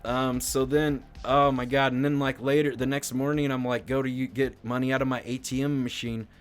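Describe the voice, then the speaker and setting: A man's voice: medium pitch, little pitch movement, normal speed. A man telling a rambling, crude story on his live stream, peppered with swearing and filler words. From Indiana, US. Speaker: livestreamer.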